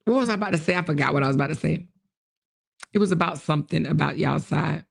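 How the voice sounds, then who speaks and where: Her voice is deep and creaky, and she talks fast while hosting a relaxed livestream. Reading comments out loud, she answers with blunt profanity, laughing frequently and drifting off from her point.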